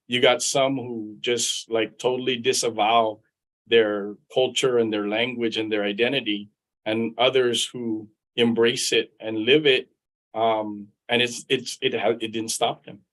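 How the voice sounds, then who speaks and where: A man's voice: mid-range voice, a bit bright, low-quality recording. A middle-aged man from Guam, an attorney and veteran, telling personal stories in a conversational way over a video call. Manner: conversational, repeats words while thinking. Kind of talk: storytelling in a live interview.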